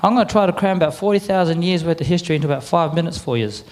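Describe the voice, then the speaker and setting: An Australian man presenting to a live audience, chatty and a little croaky, getting the crowd to repeat words back. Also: on the high side, rapid-fire, a little mellow. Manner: chatty, quizzes the crowd with call-and-response. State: a bit croaky. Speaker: cultural presenter. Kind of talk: lively audience address.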